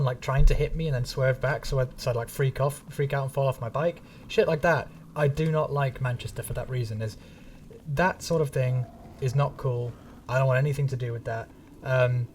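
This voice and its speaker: A man's voice: medium pitch, slight background noise. Chatty English man streaming, distant mic. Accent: neutral English. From England. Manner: rambling, chatty, casually swearing. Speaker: game streamer. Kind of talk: casual gaming stream chat.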